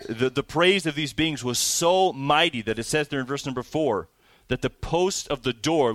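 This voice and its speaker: A man's voice: mid-range voice, fairly bright tone, dry recording. Man preaching with dry close sound. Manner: preaching with rising emphasis and slow drawn-out scripture reading. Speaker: pastor. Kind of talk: sermon.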